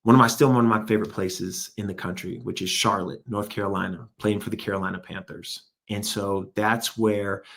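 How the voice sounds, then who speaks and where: A man's voice: on the low side, fairly even intonation, a little fast, vocal fry, hardly any pauses, a bit bright. A middle-aged man, a former pro football player, telling his story in an interview with an emphatic, motivational manner. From United States. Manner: emphatic, motivational, quotes himself and others. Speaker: guest, former NFL player and speaker.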